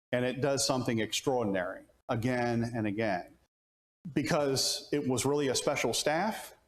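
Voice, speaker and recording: Man teaching a church Bible class. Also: medium pitch. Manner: asks the audience questions, many restarts. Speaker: preacher. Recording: roomy church room sound.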